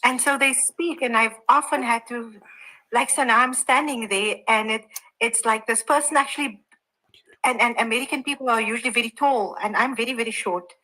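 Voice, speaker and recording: Brief: south african woman, higher voice, bright and forceful, lively anecdotes. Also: fairly quick, low-quality recording. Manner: animated anecdote teller. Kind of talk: casual live-stream chat.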